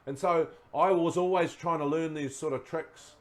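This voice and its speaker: Relaxed New man telling stories. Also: fairly high pitch, moderate pace. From New Zealand. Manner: relaxed yarn-spinning, laughing at his own stories. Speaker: guest, former rugby player. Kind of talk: casual storytelling chat.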